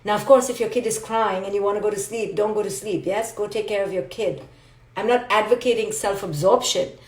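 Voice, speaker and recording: A woman's voice: mid-range voice, brisk, roomy sound. A woman psychologist giving a live motivational talk, emphatic and repetitive, speaking directly to her listeners. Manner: emphatic, repetitive, direct address with acted asides.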